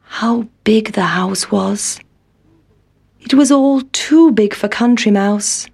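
Slow, gentle woman reading a storybook. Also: medium pitch. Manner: gentle, expressive.

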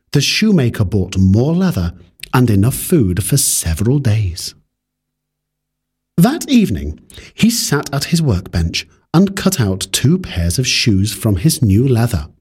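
A man reading a fairy tale aloud in a measured, expressive way. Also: mid-range voice, breathy edge. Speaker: storyteller.

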